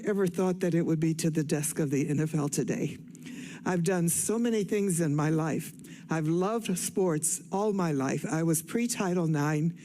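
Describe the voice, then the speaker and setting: An older woman from Cleveland, giving an excited, rambling personal speech from a stage, a bit out of breath. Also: lowish voice. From Cleveland, Ohio. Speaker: guest speaker at an awards event. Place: stage at an event.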